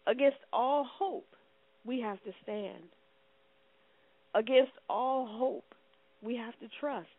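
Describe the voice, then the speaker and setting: A woman preaching a sermon with impassioned delivery, swinging from loud declarations to hushed, prayerful tones. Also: on the high side, slow, pauses often. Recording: tinny phone-like line.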